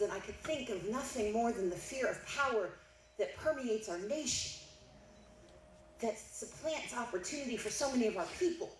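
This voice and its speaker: A middle-aged woman giving a keynote speech at a banquet, telling a family story and building to emphatic declarations. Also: fairly high pitch. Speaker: keynote speaker. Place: banquet hall. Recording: echoey hall, mic heard from a distance, faint noise.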